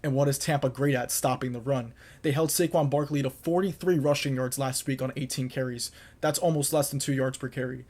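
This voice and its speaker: A man's voice: mid-range voice, fairly even intonation, a little fast, few pauses, darkish tone. A young man hosting his own podcast, delivering confident football predictions in a solo monologue and repeating points for emphasis. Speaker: podcast host. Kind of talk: solo sports picks monologue.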